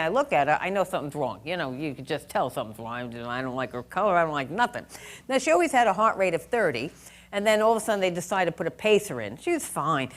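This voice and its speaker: A woman's voice: medium pitch, fairly bright tone. A middle-aged woman teaching a nursing review class in a chatty, folksy way, telling stories and acting out dialogue. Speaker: nursing exam review instructor. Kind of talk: lecture with personal anecdotes.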